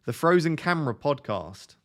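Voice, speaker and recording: A man's voice: fairly high pitch, very animated, normal speed, fairly bright tone. A man with a nasal voice hosting a casual fantasy football live stream from his home setup, talking into a desk microphone, joking and reading chat aloud. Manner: chatty, jokey, drifts between topics.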